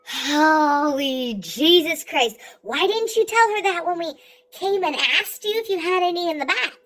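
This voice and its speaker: Young female vlogger, very high pitch, profane and exasperated storyteller. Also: expressive, a bit bright, rough recording. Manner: exasperated, profane, rapid rants. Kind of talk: comic storytelling.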